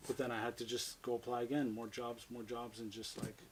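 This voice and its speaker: A man's voice: medium pitch, level tone, fairly quick, noisy background. A man, a podcast guest, telling his life story candidly, swearing freely and often asking "right?". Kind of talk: casual storytelling interview.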